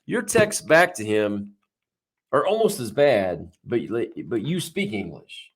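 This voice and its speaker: A man's voice: mid-range voice, wildly swooping pitch, slow pace. A man with a mid-range voice co-hosting a podcast. He teases his partner, laughs often and keeps pressing with questions. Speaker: podcast co-host. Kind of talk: casual podcast chat.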